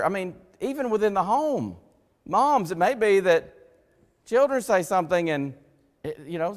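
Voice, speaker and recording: A man preaching a folksy, conversational sermon, acting out the voices he quotes and swinging between loud emphatic lines and hushed, low passages. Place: church sanctuary. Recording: long hall reverb.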